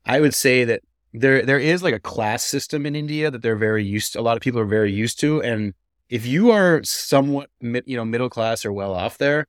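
A man hosts a casual podcast in a rambling, conversational way. He restarts his sentences often as he works through a question. His voice sits at a middle pitch and sounds dry and close, with no room around it. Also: fairly quick, no echo. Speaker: podcast host.

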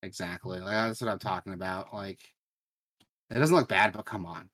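A young man co-hosts a casual gaming podcast and talks in a voice pitched a little low. He swears freely and gets animated when he tells a story. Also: normal speed. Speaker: podcast co-host. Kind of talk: casual gaming news chat.

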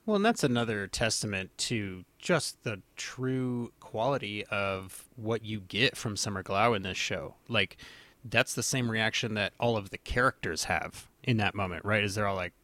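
A man with a fairly low voice hosts a relaxed chat, animated and quick to laugh. He slips into quoted lines as he talks. The sound is close and dry. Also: no echo. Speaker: podcast host. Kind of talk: casual chat.

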